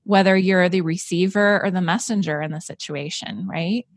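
A woman's voice: on the low side, normal speed, no room sound, clean studio sound. A woman hosting a conversation, chatty and enthusiastic, with lots of "like" and "right". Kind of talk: casual conversation.

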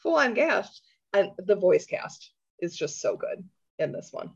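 Giggly woman co-host, lively swooping voice, dull lo-fi sound. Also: medium pitch, measured pace, gravelly, breathy edge. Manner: giggly, animated, swears freely. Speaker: podcast co-host. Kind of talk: casual chat. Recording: dull lo-fi audio.

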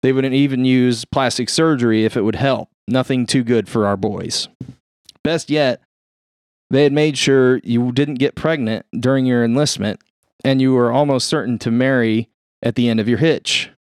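A man reading a first-person story aloud in a steady, plain-spoken way. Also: mid-range voice, moderate pace, smooth, no echo, clean studio sound. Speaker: reader.

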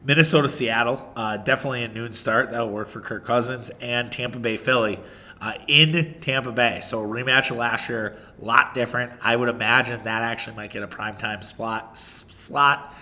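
A man's voice: medium pitch, steady tone, moderate pace, bright, forceful tone. A man hosting a casual solo sports podcast, rambling and opinionated, often restarting his sentences and swearing.

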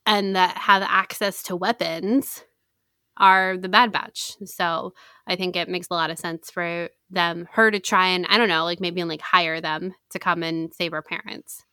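Female podcast co-host, casual and chatty, slightly low, bright tone. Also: little pitch movement, a little slow, smooth, no echo, studio quality. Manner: chatty, hedging with many fillers. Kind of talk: casual chat.

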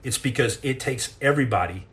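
A middle-aged man in a loose live chat, spinning rambling, jokey stories in a middle-pitched voice. He stumbles and restarts often as he answers his viewers. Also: animated, a little fast, a bit bright. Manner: rambling, jokey storyteller with many repeated restarts. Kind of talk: casual livestream chat.

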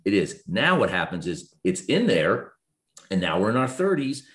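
A man in his fifties, a guest author, talking earnestly and reflectively in a podcast conversation. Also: moderate pace. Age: 50s. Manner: earnest, reflective, lively swings in pitch when explaining.

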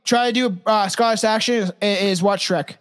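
A man's voice: high voice, fairly even intonation, a bit bright, smooth, soft background music. A man co-hosting a podcast, telling a grisly story in crude, casual talk full of swearing. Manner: crude, swears often, quick and laughing. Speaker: podcast co-host.

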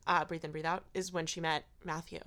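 A woman's voice: low voice, little pitch movement, fairly quick, a bit bright. A young adult woman co-hosting a casual podcast, enthusiastic and gushing, and she laughs easily. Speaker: podcast co-host. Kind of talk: casual chat.

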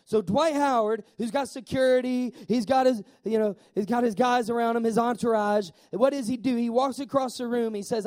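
A man preaching a sermon in a lively way, asking the congregation questions and slowing down to stress key words. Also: very high voice. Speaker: pastor.

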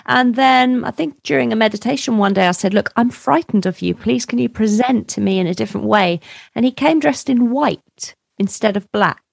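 Gravelly-voiced woman hosting a podcast. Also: a little high, normal speed, dry recording. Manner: gentle, encouraging interviewer. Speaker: podcast host. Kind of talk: casual interview chat.

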